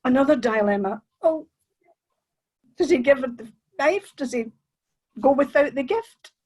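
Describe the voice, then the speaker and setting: A woman, performing a folk tale as a storyteller, with animated, suspenseful, chatty asides to the audience. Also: high voice, measured pace, dull audio.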